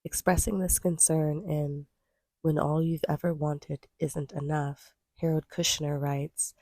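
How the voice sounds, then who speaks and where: A woman reads nonfiction aloud at a measured, steady pace. Her voice is low-toned and mellow with a gravelly edge. It has a slightly husky grain, and the sound is close and dry. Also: no echo. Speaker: audiobook reader. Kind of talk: scripted nonfiction reading.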